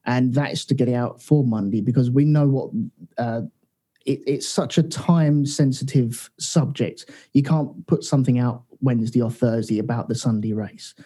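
Man, podcast co-host, casual chat, mellow, a bit raspy, laid-back. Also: medium pitch, steady tone, moderate pace. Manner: laid-back, jokey storytelling.

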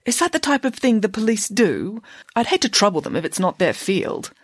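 A woman's voice: mid-range voice, sing-song, fairly quick, no echo, clean studio sound, pitched above the performer's own voice. A woman reading aloud, voicing a vague, absent-minded middle-aged male physicist who takes everything literally. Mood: bemused. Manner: bemused, dithering, literal-minded.

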